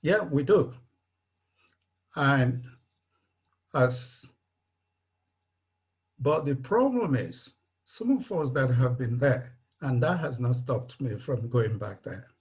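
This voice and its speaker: Guy on a video call, slow and blunt, hammers his point home. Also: medium pitch, animated. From Nigeria. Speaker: webinar participant, engineer.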